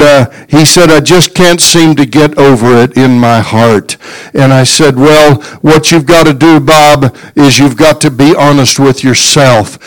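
Smooth-voiced preacher man with an amen-filled delivery. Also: fairly high pitch, low-quality recording. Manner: storytelling, rising to fervent exhortation with frequent amens. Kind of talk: sermon. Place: church.

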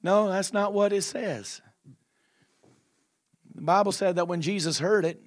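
A man preaching a storytelling sermon, animated and dramatic, drawing words out and laughing often. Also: high-pitched, unhurried, pauses often.

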